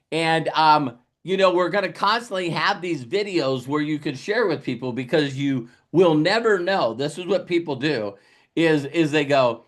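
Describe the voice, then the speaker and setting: Animated man telling a motivational story. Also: on the high side. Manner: animated storytelling, acting out quotes; repeats words and restarts often. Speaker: business coach. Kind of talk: motivational talk.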